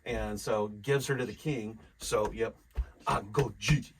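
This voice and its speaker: A man's voice: fairly low pitch, fairly even intonation, unhurried, a little hiss or hum, rough recording. A man in his forties, co-hosting a casual podcast, retelling a movie in a laid-back way with lots of fillers. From California. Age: 40s. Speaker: podcast co-host. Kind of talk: casual chat.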